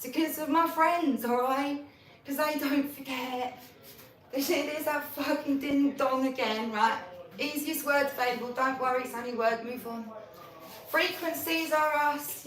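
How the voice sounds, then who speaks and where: A woman's voice: fairly high pitch, fairly bright tone. A woman in a rambling, restless monologue, swearing and jumping from topic to topic. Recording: echoey room from far off.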